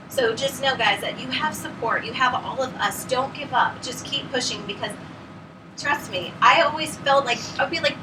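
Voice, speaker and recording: A woman's voice: high-pitched, brisk. A woman in her thirties gives an earnest, tearful thank-you speech as a newly promoted area manager, rambling with many fillers. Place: meeting room with audience. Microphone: camera at the back of the room. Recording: distant camera in a meeting room, noisy.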